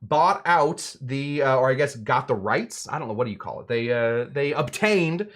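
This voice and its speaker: A man's voice: medium pitch, animated, normal speed, fairly bright tone. A young adult man hosting a live cocktail show in a casual, rambling, digressive way, often correcting himself as he talks. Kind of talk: casual livestream chat.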